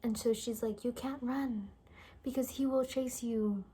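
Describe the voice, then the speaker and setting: A woman's voice: on the high side, steady tone, unhurried, dark tone, husky. A young woman giving a casual, exasperated movie review, sarcastic and stumbling over her words at times.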